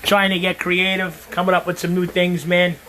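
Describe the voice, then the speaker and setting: A man's voice: high-pitched, monotone, normal speed, pushed and bright, a little hiss or hum. A middle-aged man, chatting casually and profanely to viewers while he cooks in his home kitchen. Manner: brash, profane, talks straight to viewers. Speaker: home cook. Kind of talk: casual cooking livestream chat.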